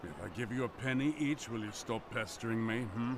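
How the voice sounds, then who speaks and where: An actor playing a gruff, impatient Viking man in video game dialogue, curt and dismissive toward the people bothering him. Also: medium pitch, brisk, crowd noise, close to an everyday voice. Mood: impatient, scornful. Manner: curt, impatient, talks down to others.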